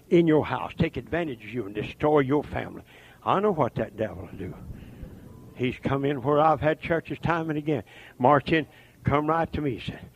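An older man preaching a fiery revival sermon, swinging from shouted, chanting runs down to low, muttered asides. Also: animated, moderate pace.

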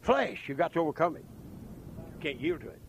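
Man, revival preacher, folksy sermon, shouts then drops low, somewhat high voice. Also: sing-song, brisk, slight background noise. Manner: swings from shouting to hushed, folksy.

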